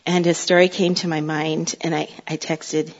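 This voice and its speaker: Middle-aged woman, low husky voice, chatty storyteller, dull lo-fi sound with long hall reverb. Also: level tone, moderate pace. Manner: chatty, laughs often, warm storytelling. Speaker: mother sharing a parenting story. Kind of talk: casual storytelling talk.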